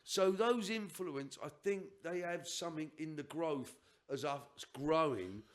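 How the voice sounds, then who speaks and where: An older man, a podcast guest, tells a personal story in an emphatic, rambling way, full of restarts and asides. His voice has a fairly high pitch, and he speaks a little slowly.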